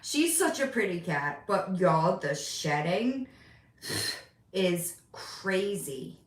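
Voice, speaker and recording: A middle-aged woman talks her way through a relaxed home live stream, unhurried and meandering. Her voice sits back from the microphone, and the room around her rings with echo. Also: lowish voice, far from the mic. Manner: chatty, rambling, talks to her cats in baby voice. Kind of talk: casual live-stream chat. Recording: roomy sound, voice off from the mic.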